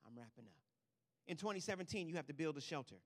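A male pastor preaching a sermon, swinging from quiet asides to loud, emphatic declarations and checking in with the congregation. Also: fairly high pitch, animated, fast, big-room sound.

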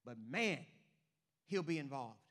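A young man preaching with lots of animation, his voice pitched high for a man. The tone is bright and forceful, and he swings from loud bursts to quiet, hushed lines. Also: animated, a little slow. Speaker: pastor. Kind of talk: animated sermon.

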